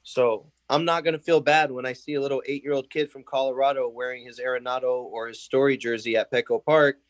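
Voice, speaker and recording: A man's voice: medium pitch, fairly quick, dry recording. A young man as a podcast guest in casual chat, telling stories and acting out the quotes with a laugh. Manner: animated storyteller, acts out quotes, laughs often.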